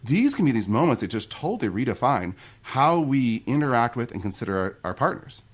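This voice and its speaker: A middle-aged man, a guest on a podcast, telling stories and explaining ideas in a relaxed, conversational way. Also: mid-range voice. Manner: fast, animated storytelling. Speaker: podcast guest, marriage coach.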